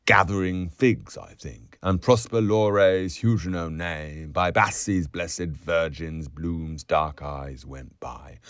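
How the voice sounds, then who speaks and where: A man reading a novel aloud in an expressive, musical way, dropping to a whisper at times. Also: low voice, slow pace, few pauses, dry recording, clean studio sound. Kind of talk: audiobook narration.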